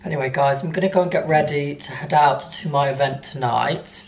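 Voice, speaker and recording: A young man vlogging in a casual, animated way, telling an upsetting story. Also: fairly high pitch, a little fast, slight background noise. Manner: animated, upset storytelling, cooing softly to his dog. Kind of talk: casual vlog chat. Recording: echoey room.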